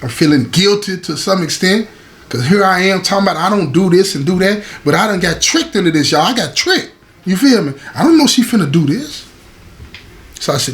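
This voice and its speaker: A man telling a story about his prison days to his viewers in a casual, animated way, often turning to them with "y'all" and "you feel me". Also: high-pitched, brisk. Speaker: storyteller recounting prison life.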